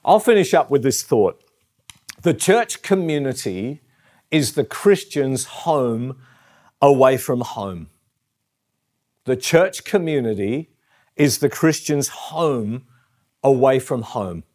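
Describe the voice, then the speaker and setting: A middle-aged Australian man giving a sermon in an earnest, conversational way. He stops for fillers and restates his key lines. His pitch sits at an ordinary male middle. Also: lively intonation, slow pace, pauses often. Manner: earnest and warm, with fillers and repeated phrases. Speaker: pastor.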